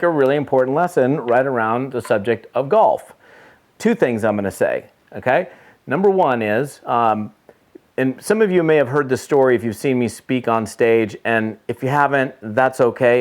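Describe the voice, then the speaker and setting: A middle-aged man with a medium-pitched voice works as a network marketing trainer and tells a story to camera. It's a casual motivational talk, and he repeats points for emphasis.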